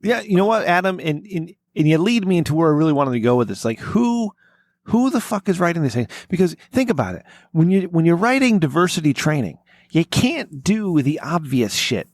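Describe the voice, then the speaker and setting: Man, podcast host, lively swooping delivery, fairly high voice, dry close sound, swears freely. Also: a little fast, no echo. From Italian-American. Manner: profane, animated, laughing. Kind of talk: casual podcast chat.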